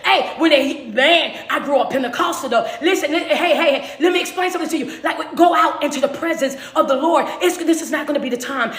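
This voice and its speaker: A woman's voice: high voice, a little fast, hardly any pauses, fairly bright tone. A woman preaching a fervent live-streamed sermon, with call-and-response and repeated asks of "understand me?". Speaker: motivational preacher. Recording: roomy echo.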